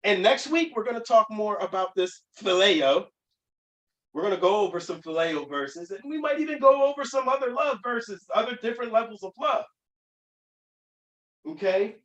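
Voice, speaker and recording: A man with a high voice teaches scripture emphatically, stumbling and restarting as he goes. He stands back from the mic, and the room rings around him. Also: lively intonation, moderate pace, echoey room, far from the mic, poor audio. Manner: emphatic, with many restarts and fillers. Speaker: Bible teacher. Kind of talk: teaching sermon.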